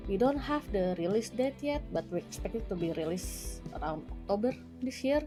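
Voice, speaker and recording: A woman's voice: medium pitch, animated, brisk, music in the background. A woman game developer, giving an eager, pre-recorded presentation with frequent hesitations. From Indonesia.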